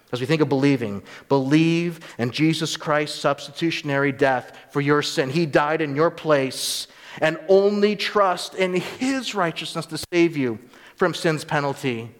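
A man's voice: fairly high pitch, moderate pace, big-room sound. A man preaching a sermon as pastor, earnest and emphatic, often rising sharply on rhetorical questions.

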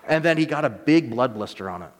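A man preaching a sermon as pastor, reading scripture slowly and telling quick stories with rising emphasis. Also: medium pitch, lively intonation. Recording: long reverb of a church hall.

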